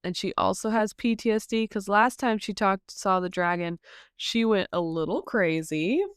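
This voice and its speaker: A woman co-hosting a podcast, chatting casually and hesitantly with lots of ums, retelling a story and popping into high voices for the characters. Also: normal speed, smooth, no echo, studio quality. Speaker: podcast co-host. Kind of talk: casual book-discussion chat.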